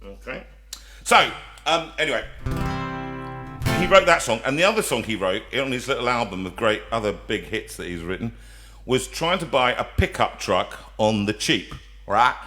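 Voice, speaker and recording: A man's voice: medium pitch, normal speed. A man hosting a live music stream, bantering casually and reciting and singing a comic country song over his guitar. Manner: relaxed, jokey banter between songs. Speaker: singer and host of a live home stream. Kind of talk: chatty live performance with sung and recited song.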